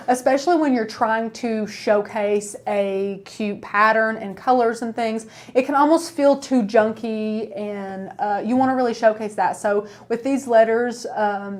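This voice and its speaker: A woman with an East Tennessee accent hosting a live craft tutorial, chatty and upbeat, talking straight to her viewers. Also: fairly high pitch. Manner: chatty, upbeat, keeps addressing viewers as guys.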